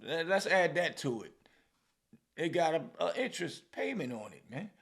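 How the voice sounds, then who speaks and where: A man with a New York accent runs a podcast in an animated, casual way. His voice has a gravelly edge, and he keeps landing his points with "man.". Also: on the high side, normal speed. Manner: animated, repeats "man" and "bro". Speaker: podcast host. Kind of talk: casual commentary.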